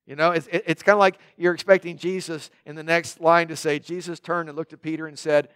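A man's voice: on the high side, steady tone, fairly quick, hardly any pauses, fairly bright tone, smooth, no room sound. A man preaching a sermon in a conversational way, with joking asides to the congregation. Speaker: pastor.

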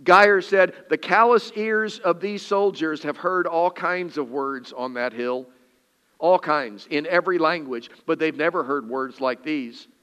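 A man's voice: a little high, a little slow, fairly bright tone, clean tone, big-room sound. A man preaching a sermon in an earnest, emphatic way, reading scripture with dramatic emphasis. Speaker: pastor.

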